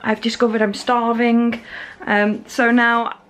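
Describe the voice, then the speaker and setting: A woman's voice: fairly high pitch, level tone, takes it slowly, a little hiss or hum, poor audio. A woman vlogger chatting casually and rambling, self-deprecating, while suffering from a migraine. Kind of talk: casual chat vlog.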